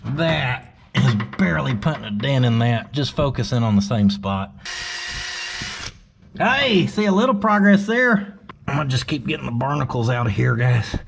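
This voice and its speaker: A man's voice: medium pitch, sing-song, normal speed, creaky, noisy background. A man chatting casually and joking as he works on an old truck in his shop. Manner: folksy, joking, talks to himself and his dog. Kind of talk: casual workshop vlog narration.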